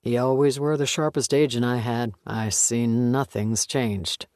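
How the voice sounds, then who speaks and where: A man's voice: medium pitch, fairly even intonation, measured pace, darkish tone, dry recording, clean studio sound, close to an everyday voice. A man voicing a needling FBI boss. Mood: coaxing. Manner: coaxing, slightly raised voice. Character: smooth-talking male FBI boss, persuasive and needling.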